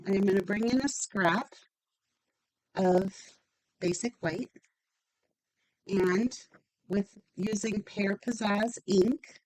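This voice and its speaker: A woman's voice: mid-range voice, takes it slowly, pauses often, darkish tone, a little hiss or hum, low-quality recording. A woman demonstrating a stamping craft project, chatty and upbeat, thinking aloud as she works.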